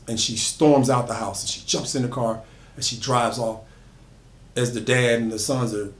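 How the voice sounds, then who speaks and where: A man's voice: mid-range voice, fairly even intonation, moderate pace, a bit bright. A man retelling a horror story in a loose, conversational way, with frequent fillers and restarts. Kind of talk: casual spoken horror storytelling. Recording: echoey room.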